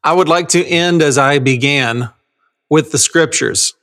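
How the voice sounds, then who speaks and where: A man's voice: on the high side, a little slow, fairly bright tone. Earnest man co-hosting a chat. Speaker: podcast co-host teaching fathers. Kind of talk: casual chat.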